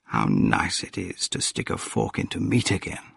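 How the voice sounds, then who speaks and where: Male narrator voicing an exhausted inventor host: deep, slow, quiet and husky. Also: big pitch swings, heavily acted. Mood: tired, hushed. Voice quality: quiet, worn-out and hushed. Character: weary gentleman inventor back from a journey.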